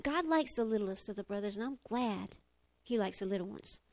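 A woman preaching an emotional sermon, expressive and confessional, close to tears and swinging between loud and hushed. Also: mid-range voice, a little fast.

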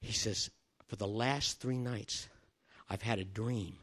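A man's voice: fairly low pitch, fairly even intonation, slow pace, fairly bright tone. An older man preaching, telling a personal story with acted-out dialogue and chuckles. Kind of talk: sermon with personal testimony story.

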